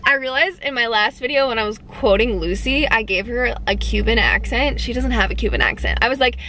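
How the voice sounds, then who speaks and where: A woman's voice: fairly high pitch, brisk, hardly any pauses. A woman in her twenties with a Southern US accent, chatting casually and telling stories to the camera in a vlog. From Georgia, USA. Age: 20s. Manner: chatty, animated storytelling. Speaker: vlogger.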